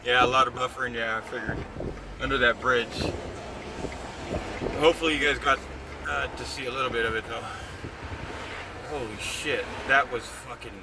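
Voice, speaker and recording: A man's voice: medium pitch, steady tone, normal speed, pauses often, noisy background. A young man streaming live from a phone while driving, chatting casually in a rambling, profane way that often trails off mid-sentence. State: out of breath.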